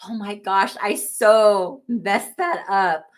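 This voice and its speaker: Slow-paced and mid-range in pitch, this middle-aged livestream host talks casually, going through viewer comments. Her chat rambles, and she often breaks into laughter.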